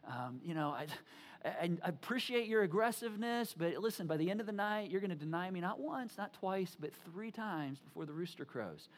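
A woman putting on a gentle grown man's voice, low and soft-spoken, calm and patient with a friend who means well. It comes across as a quiet, measured voice in a retold story.

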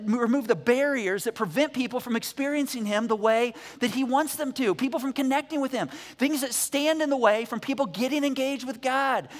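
A man preaching a sermon as pastor, energetic and conversational, often restarting his words. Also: extremely high pitch. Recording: echoey church hall reverb.

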